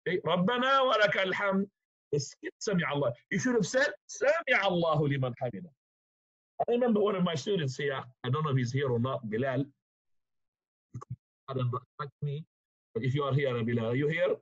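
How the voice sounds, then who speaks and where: Guy giving a religious lesson, kinda husky voice, gets animated and goes up high to stress stuff. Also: brisk. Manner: animated, rising in pitch for emphasis, many restarts. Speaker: Islamic teacher. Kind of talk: religious lecture. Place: mosque lecture room. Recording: muffled lo-fi recording.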